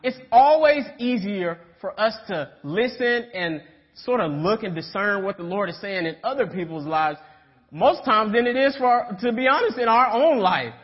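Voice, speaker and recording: An expressive young preacher with a high voice talks at normal speed, sharing stories in a casual sermon and checking in with "right?" The sanctuary gives a dull sound and long reverb.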